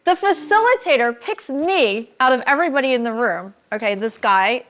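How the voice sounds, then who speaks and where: A middle-aged woman with a fairly high voice tells a long story as a podcast guest. Her talk is casual and animated. She acts out what other people said to her. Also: moderate pace.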